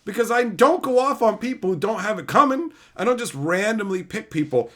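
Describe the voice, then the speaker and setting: A male streamer who talks casually to his chat in a raised, lively voice that swings up and down. He is blunt and swears a lot, ranting with heat. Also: high-pitched, brisk, few pauses. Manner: blunt, profane, heated ranting; reads viewer comments aloud.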